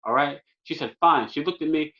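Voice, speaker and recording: A young man from California, a podcast guest, telling a long funny story in a casual, animated way, full of fillers like "man" and "or what have you". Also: a little high, brisk. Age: young adult. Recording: dull lo-fi podcast audio.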